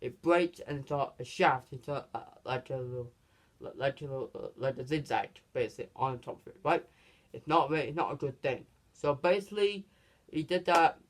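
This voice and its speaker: A man's voice: mid-range voice, fairly quick. A man casually retelling a movie's plot in a rambling way, with frequent restarts and filler words. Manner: rambling, lots of restarts and "basically". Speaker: movie reviewer.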